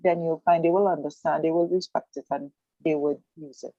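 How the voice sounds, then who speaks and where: A woman teaching a language lesson on a radio show, explaining patiently and repeating words slowly. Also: low-pitched, steady tone, warm tone, no echo, dull audio. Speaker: Spanish teacher.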